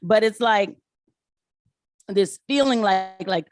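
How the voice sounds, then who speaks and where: A woman's voice: mid-range voice, unhurried, pauses often. A fired-up woman talks straight at her viewers in a casual live stream. She slips into mocking voices now and then. Her middle-range voice sounds dry and close, with no room echo. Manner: animated, talks back to viewers, mocks voices in quotes. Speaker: political commentary vlogger.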